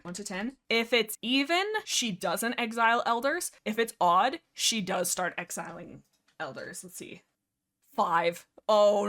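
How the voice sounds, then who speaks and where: A woman's voice: mid-range voice, fairly bright tone. Woman narrating her cat-clan game for video; chatty, rambling, fond of acting out lines. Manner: chatty, lots of fillers, acts out character lines. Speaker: gaming YouTuber. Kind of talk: casual let's-play storytelling.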